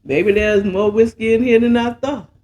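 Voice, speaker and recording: A woman's voice: on the high side, fairly even intonation, moderate pace, warm tone, a little hiss or hum. A woman hosting a casual bedtime story recap, chatting in a laid-back, slangy way while mixing and sipping a cocktail. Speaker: host and storyteller.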